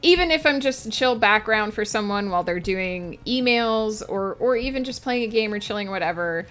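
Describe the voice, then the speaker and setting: A woman talks to her livestream audience in an earnest, reflective way, often addressing viewers directly. She speaks at an ordinary pitch for a woman, with soft music playing faintly behind her. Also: expressive, normal speed. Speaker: streamer and writer. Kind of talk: casual livestream chat.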